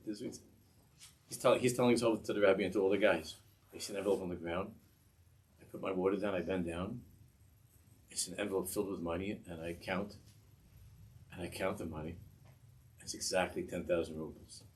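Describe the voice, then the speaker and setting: A man, a rabbi, telling a story in a sermon, animated with many restarts. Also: low-pitched, a little fast, long pauses, a little hiss or hum.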